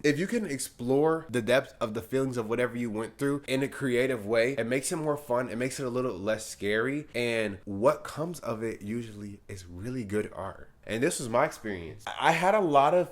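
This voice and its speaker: Young man, casual vlog, earnest, encouraging, repeats himself, mid-pitched voice. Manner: earnest, encouraging, repeats phrases, says "literally" and "like" often. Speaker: vlogger. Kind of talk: casual advice talk while getting ready.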